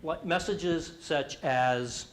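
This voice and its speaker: A middle-aged man presents an interactive leadership workshop, speaking with animation and putting questions to the audience. His voice is a little high and he talks extremely slowly. There's a little hiss or hum on the recording.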